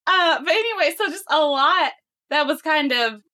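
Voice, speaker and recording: A woman with a bright, slightly high voice, chatting easily as a podcast co-host. She laughs a lot and talks through her thoughts as she goes. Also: animated, normal speed. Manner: chatty, laughs often, some fillers. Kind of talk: casual chat.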